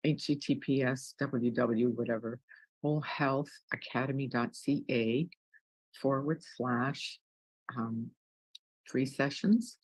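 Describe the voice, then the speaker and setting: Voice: mid-range voice, slow pace, breathy edge, no room sound, low-quality recording. A wellness guest in an interview, upbeat and jokey, often restarting words.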